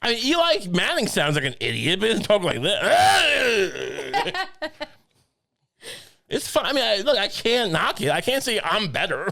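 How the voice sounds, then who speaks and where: Podcast dude rambling and cracking jokes, lively up and down pitch, dry close sound. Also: male voice, measured pace, vocal fry, no room sound. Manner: rambling, joking, laughs through lines. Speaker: podcast co-host. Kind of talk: casual chat.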